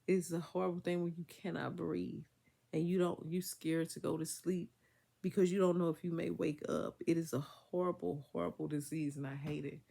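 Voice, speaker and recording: Woman vlogger, fry in the voice, casual and emphatic, a bit under the weather. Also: on the low side, flat delivery, normal speed, mellow. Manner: chatty, emphatic, Southern US vernacular speech. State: congested, recovering from illness. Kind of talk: casual storytelling to viewers.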